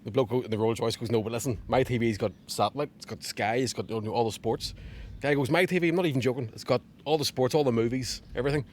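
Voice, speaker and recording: A Northern Irish comedian guest chats casually outdoors in a garden, telling a long joke, laughing often, and swearing freely. His mid-range voice is fast and a little mellow, with a slight hiss or hum on the recording.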